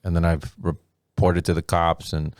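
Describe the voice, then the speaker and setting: A man's voice: low-pitched, little pitch movement, measured pace, a little mellow, dry recording. A man in a casual podcast chat, cautiously reasoning through a worry. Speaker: podcast co-host.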